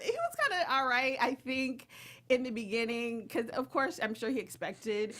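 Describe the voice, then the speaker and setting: A woman in a casual TV recap chat, speaking with a fairly high voice. She is enthusiastic and gushing as she talks. She keeps quoting the show with laughs. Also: expressive, normal speed, a bit bright. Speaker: co-host.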